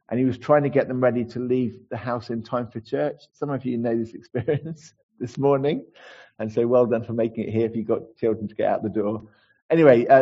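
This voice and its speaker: Pastor man, mellow voice, talky sermon with asides, kinda muffled recording. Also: medium pitch, slightly rough. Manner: conversational preaching with restarts and asides.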